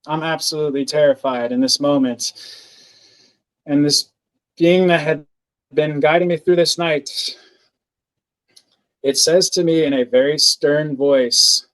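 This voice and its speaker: A man speaking slowly and earnestly, his voice sitting a little high for a man. He tells a personal story as a podcast guest, halting often, restarting his sentences and filling gaps with words like "like". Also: steady tone, fairly bright tone, rough recording. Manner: slow, halting, earnest, with many fillers and restarts.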